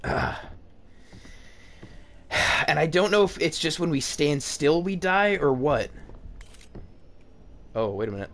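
A young man commenting on a horror game as he plays, nervous and talkative, swearing now and then and shouting when something scares him. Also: a little high, lively intonation, slow pace, long pauses. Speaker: gaming video host.

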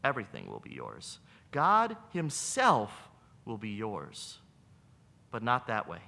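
A man reading aloud as a patient older brother with a low, hushed voice. He speaks slowly and softly, gently correcting his sister in a read-aloud storybook scene. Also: huge pitch swings, creaky, big-room sound, full character voice. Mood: gentle. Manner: low, slow, measured and soft.

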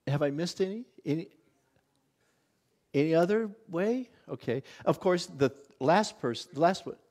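Lively, animated man teaching church. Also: fairly high pitch, moderate pace. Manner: conversational, many restarts and acted-out inner exclamations. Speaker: visiting pastor. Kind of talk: casual teaching at a church workshop.

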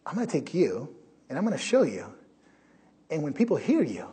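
A male pastor preaching a sermon in a church, emphatic, swinging from loud peaks down to a hush. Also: fairly high pitch, wildly swooping pitch, moderate pace, pauses often, husky. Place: church sanctuary.

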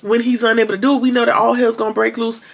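Gravelly-voiced woman recapping a show. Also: fairly high pitch, very fast. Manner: colloquial, animated retelling with sarcastic asides. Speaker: TV episode reviewer. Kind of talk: casual episode recap.

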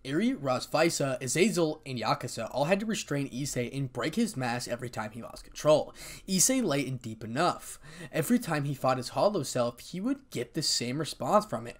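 A man narrates a fan story in an expressive reading voice. His pitch moves a lot and keeps the telling lively. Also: moderate pace.

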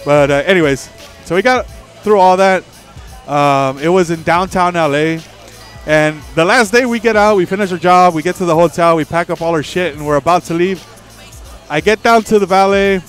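A man hosting a livestream, telling a story in a profane, animated way, with faint music behind. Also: high voice, moderate pace. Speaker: livestream host. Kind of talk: casual storytelling on stream.

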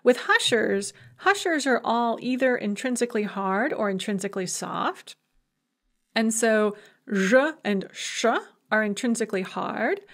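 A woman's voice: on the high side, fairly bright tone. A woman giving a recorded university language lecture, patiently explaining grammar with examples and light humorous asides. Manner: patient, explanatory, gives example words then translations.

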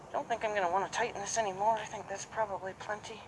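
A woman's voice: mid-range voice, fairly even intonation, very fast, few pauses, noisy background. A woman horse trainer who explains each step aloud and murmurs soothingly to the horse she is working with. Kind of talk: narrated training session. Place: horse arena or round pen. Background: hoofbeats and horse sounds.

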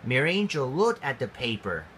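A man reading a homemade storybook aloud, slow and halting, with grammar slips. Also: mid-range voice, very animated, a bit bright, slight background noise.

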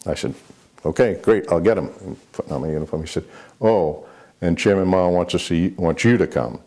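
A man's voice: low-pitched, fairly quick, darkish tone. An older man, a former military aide, answering interview questions with rambling anecdotes, many fillers and restarts.

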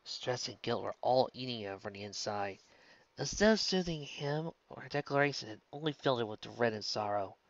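A man reading a fan fiction story aloud in steady, soft-spoken narration. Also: medium pitch, normal speed, creaky, dry recording, muffled recording. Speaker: story reader.

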